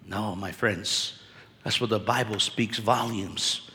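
A man preaching a sermon at a conference, animated and conversational, dropping casual slang as he talks to the crowd. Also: on the low side, takes it slowly. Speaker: conference speaker. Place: conference hall. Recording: echoey hall reverb.

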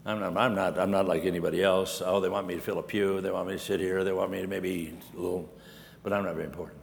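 A man's voice: low-pitched, level tone, fast talker, vocal fry, big-room sound, slight background noise, pitched below the performer's own voice. A man voicing a downcast churchgoer who mutters that he is not important. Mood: mopey. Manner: mopey, self-pitying mutter. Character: downcast churchgoer who feels unimportant, male.

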